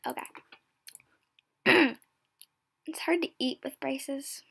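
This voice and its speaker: A woman's voice: sits high, slow pace, gravelly, fairly bright tone. A girl with new braces chatting casually while she plays an online game, giggling and often dropping to a whisper. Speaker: gameplay commentator.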